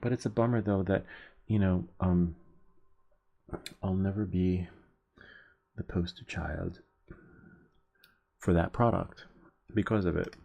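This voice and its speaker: A man's voice: sits low, vocal fry, lo-fi sound. A man hosting a DIY tech channel, talking in a loose, rambling way, swearing casually and laughing at himself.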